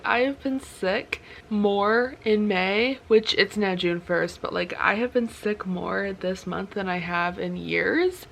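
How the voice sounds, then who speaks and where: A woman's voice: medium pitch, gravelly, fairly bright tone, a little hiss or hum. A woman chatting in a casual book vlog, sick and short of breath, rambling with lots of fillers. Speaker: book vlogger.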